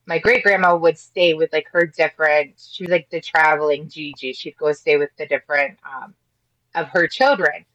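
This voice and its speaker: A woman from Ohio speaks as a podcast guest in an earnest, rambling way, restarting her sentences often. Her voice sits fairly low. The audio is dry and muffled, with a lo-fi edge. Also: fairly bright tone, dry recording. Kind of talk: casual interview chat.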